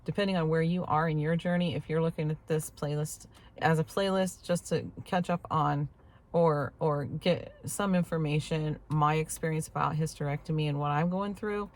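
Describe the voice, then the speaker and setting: Her voice deep and steady at a moderate pace, a vlogger in her fifties, past menopause, talks casually to camera from a parked truck. She wanders from topic to topic with occasional laughs, wearing a clip-on mic.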